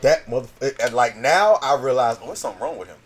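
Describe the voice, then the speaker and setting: Animated man telling a wild story. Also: medium pitch, quick pace, breathy edge. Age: 30s. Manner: animated, acts out voices, swears freely. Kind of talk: casual storytelling chat.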